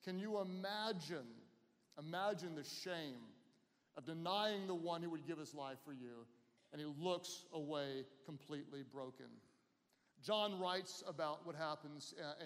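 An animated male preacher delivers a sermon and draws his listeners into call-and-response. His voice sits high, and a long reverb hangs after his words in a large church hall. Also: unhurried.

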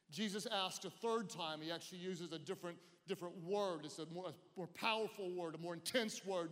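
A man preaching a sermon, animated, acting out scenes and calling on the crowd to count along. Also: high-pitched, brisk, hardly any pauses. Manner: animated, acts out scenes, calls for audience response. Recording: long hall reverb.

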